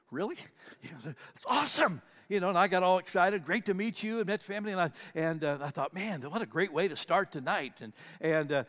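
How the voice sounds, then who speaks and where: A pastor preaching a sermon, telling a personal story in an animated way and acting out the people in it. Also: male voice, on the high side. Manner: animated storytelling, acts out quotes. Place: church sanctuary. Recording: long church hall reverb.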